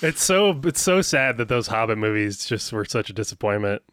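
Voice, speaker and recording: A man's voice: on the low side, expressive, brisk, fairly bright tone, smooth, no echo. A man hosting a podcast, chatting casually and giving background on films in an upbeat way that steers the talk. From United States. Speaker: podcast host. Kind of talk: casual chat and film background.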